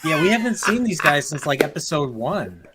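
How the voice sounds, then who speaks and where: Bored guy mocking a show, pitch jumping all over, casual chat. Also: big pitch swings, moderate pace, heavy background noise. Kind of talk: casual watch-party chat.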